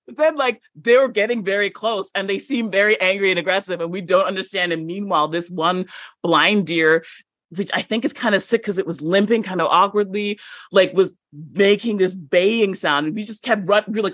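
A woman guest on a podcast, telling a story in an animated, chatty way with many fillers and laughs. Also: medium pitch, moderate pace, no echo, studio quality. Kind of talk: conversational storytelling.

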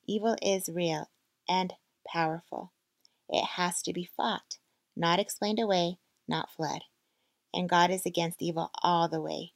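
A woman voicing a calm female mentor who speaks from hard experience, in a measured, earnest reading. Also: lowish voice, creaky, dry recording, studio quality.

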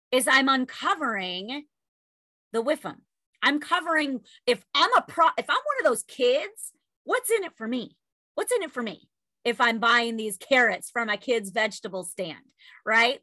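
A woman in her thirties coaching salespeople with a bright, ringing voice and plenty of energy. She speaks fairly high and keeps calling her listeners friends. The sound is close and dry. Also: very animated, a little slow, dry recording. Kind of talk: motivational talk with personal story.

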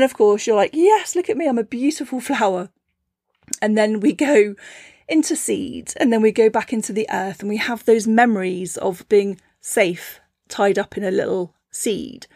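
A woman hosting a reflective teaching talk, gentle and encouraging, with a playful storytelling manner. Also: mid-range voice, no room sound, studio quality. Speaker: podcast host and spiritual teacher.

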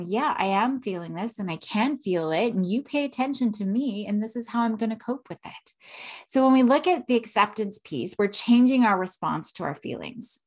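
A woman in her thirties hosting a parenting podcast, explaining in a casual teaching monologue and acting out feelings and quotes. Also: a little high. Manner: animated, acts out emotions and quotes with tag questions.

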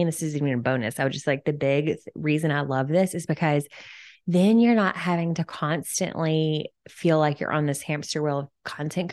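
A woman hosts her solo podcast in a low voice. She talks in a chatty, enthusiastic rush of tips and leans on casual fillers. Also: darkish tone, dry recording, clean studio sound. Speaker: podcast host.

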